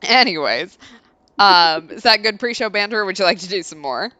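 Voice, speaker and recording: A woman's voice: mid-range voice, moderate pace, no echo. A woman hosting a let's play, chatting casually and bluntly and reading game story text aloud. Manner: casual, blunt, reads story lines in an even narrating tone.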